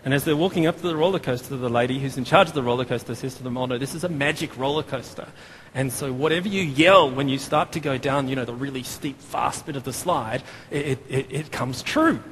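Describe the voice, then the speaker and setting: A man's voice: medium pitch, brisk, a bit bright. An Australian man in his thirties gives a chatty, self-deprecating sermon in a church, with many fillers and restarts. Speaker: preacher. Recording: long hall reverb, faint room noise.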